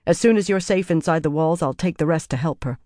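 A reader voicing a practical woman commander who gives a steady report in an audiobook. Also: medium pitch, fast, no room sound, clean studio sound, close to an everyday voice. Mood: matter-of-fact. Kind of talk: audiobook character voice.

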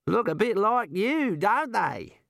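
A man's voice: high voice, sing-song, slow pace, gravelly, fairly bright tone, no room sound, clean studio sound, pitched above the performer's own voice, exaggerated voice. A man voicing a wily, chummy male talking kangaroo, coaxing and knowing in manner.

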